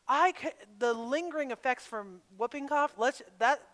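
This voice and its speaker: Speaking in a reverberant camp meeting hall, a middle-aged woman at a women's retreat tells her personal story with candid feeling and asks her listeners pointed questions. She talks at a moderate pace in a high, fairly bright voice.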